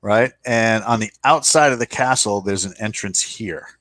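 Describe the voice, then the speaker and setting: A man runs a tabletop game, his narration relaxed and chatty, heavy on fillers and constant "right?" check-ins. His voice is lowish and a bit bright, moving at a moderate pace on a dry recording.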